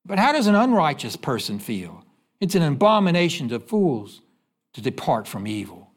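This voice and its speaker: A man preaching a sermon, telling stories and asking the congregation questions, then dropping low to give the answers. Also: wildly swooping pitch, moderate pace. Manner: preaching with call-and-response questions and sudden drops to a low voice. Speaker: pastor.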